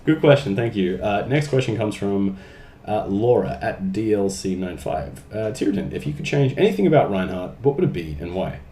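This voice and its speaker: Lively chatty young man in echoey room. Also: on the low side, moderate pace, a little hiss or hum. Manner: chatty, jokey, reads questions aloud. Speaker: YouTuber answering fan questions. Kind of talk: casual Q&A vlog. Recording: roomy echo.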